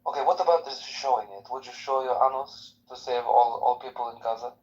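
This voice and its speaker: A man's voice: mid-range voice, steady tone, brisk, a little mellow. A man in a heated online chat who talks insistently and formally, in broken grammar. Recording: muffled lo-fi audio.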